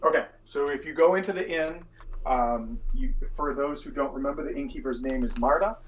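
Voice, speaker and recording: A man's voice: medium pitch, fairly quick, a little hiss or hum, poor audio. A man narrating as dungeon master in a tabletop game, rambling and filling his lines with many fillers. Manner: loose, rambling, heavy on fillers.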